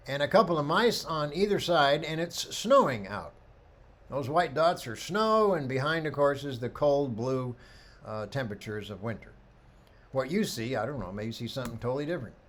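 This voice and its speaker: A middle-aged man teaching a photography workshop, telling lively anecdotes and acting out the people in them. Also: medium pitch. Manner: animated storyteller, acts out quoted voices.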